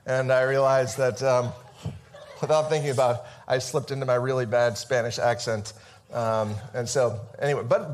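A male pastor giving a casual sermon in a church over a microphone, talking in a chatty, conversational way with many fillers and restarts. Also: mid-range voice. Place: church sanctuary. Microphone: amplified microphone.

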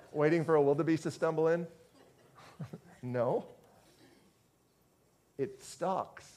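A man's voice: mid-range voice, a little mellow. A man preaching a conversational sermon to a congregation, often restarting phrases and asking the listeners questions. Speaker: pastor.

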